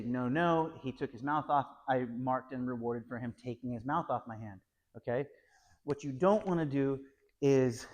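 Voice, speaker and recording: Dog trainer man explaining, mid-pitched. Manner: explains while working a puppy, frequent "okay?" check-ins. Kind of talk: instructional training video.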